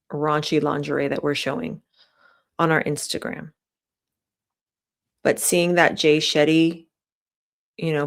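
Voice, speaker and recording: Woman vlogger, very low voice, chatty and opinionated. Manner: chatty, opinionated, many fillers. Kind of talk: casual vlog commentary.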